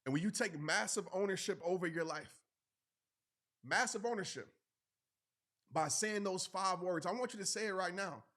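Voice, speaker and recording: A man with a fairly high voice delivers a motivational speech. He speaks earnestly and emphatically, hammering home repeated phrases and urging the listener directly. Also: moderate pace, pauses often, a bit bright.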